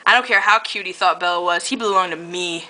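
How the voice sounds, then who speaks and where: A woman's voice: fairly low pitch, fast talker, bright, forceful tone, rough recording. A woman casually reading her own fan fiction aloud, often breaking into giggles.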